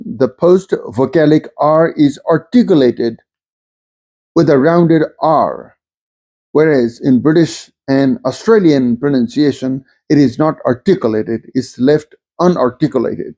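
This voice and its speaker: A man's voice: on the high side, dark tone. A man giving a recorded lecture on varieties of English, explaining steadily and stopping to give spoken examples.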